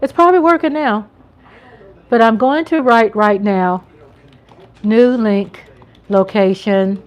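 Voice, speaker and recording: A middle-aged American woman hosts a casual live-chat stream in a fairly high voice. She talks freely, breaks into laughs and greets viewers by name as she goes. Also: slow pace. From United States. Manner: chatty, laughing, reading out chat names.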